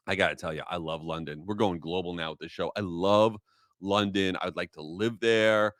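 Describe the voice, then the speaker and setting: A man's voice: on the low side, no echo. Upbeat male podcast host, dry close sound. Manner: energetic, enthusiastic, rambling asides. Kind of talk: casual solo podcast talk.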